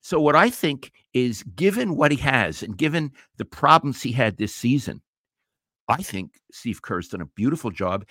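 A man's voice: medium pitch, big pitch swings, moderate pace, bright, forceful tone, no echo, studio quality. An older man, a retired sports writer, co-hosting a casual sports podcast with emphatic opinions and stumbling restarts.

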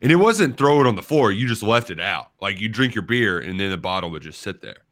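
A man's voice: on the low side, lively intonation, fairly quick, fairly bright tone. A young man co-hosting a sports radio show from a studio, rambling casually with lots of "like" and "you know". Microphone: studio microphone.

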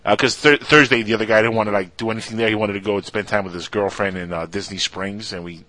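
A man appearing as a guest on a podcast, telling animated stories in casual chat. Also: lowish voice, quick pace, no echo. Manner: animated storyteller; acts out other people's voices when quoting them. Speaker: guest, radio show co-host.

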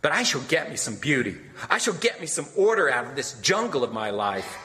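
A man's voice: medium pitch, big pitch swings, a little fast, sharp tone. A man voicing a bitter, defiant young son who lashes out at his family in impassioned, resentful speeches. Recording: long hall reverb.

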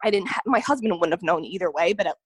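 A woman's voice: on the low side, expressive, quick pace, husky, no room sound. A young adult woman telling a personal story as a podcast guest, earnest and full of "like" and "you know". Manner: earnest, filler-heavy telling, often says "like" and "you know".

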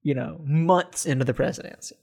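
A man's voice: fairly high pitch, a little fast, gravelly, a little mellow, slightly rough. A young man co-hosting a casual podcast chat, laughing easily and sounding exasperated and incredulous. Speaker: podcast co-host.

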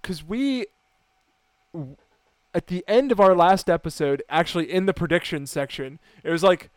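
This young man from the United States co-hosts a podcast in a relaxed chat, often laughing and starting his sentences over. He speaks at a moderate pace in a voice that sits high, and the recording is dry.

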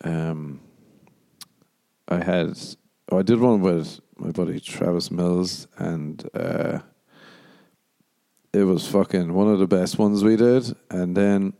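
Irish male podcast host, young adult, low and warm voice, rambling profane monologue. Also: slow, gravelly, pauses often. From Ireland. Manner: profane, jokey, shifts into mock voices.

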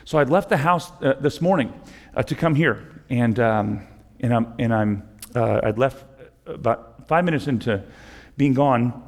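A man's voice: medium pitch, measured pace. A middle-aged man preaching a sermon as pastor, conversational and repetitive, building to impassioned pleas. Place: church sanctuary. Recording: long hall reverb.

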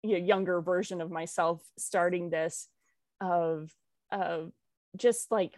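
A woman's voice: fairly low pitch, fairly even intonation, takes it slowly, a little mellow, no room sound, clean studio sound. A young adult woman, founder of an organization, talking in an interview in a reflective, candid, self-deprecating way. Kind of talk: conversational interview.

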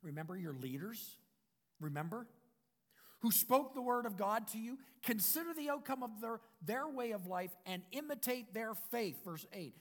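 A man preaching a sermon as pastor, in an emphatic style that repeats declarations and builds to loud passages. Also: sits high, lively intonation, moderate pace. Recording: long reverb of a church hall.

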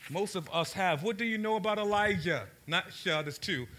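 Preaching to a live audience, a man from Baltimore, USA engages the crowd with questions and tells stories, shifting his pace for emphasis. His high-sitting voice is bright and forceful at a moderate pace, with slight background noise.

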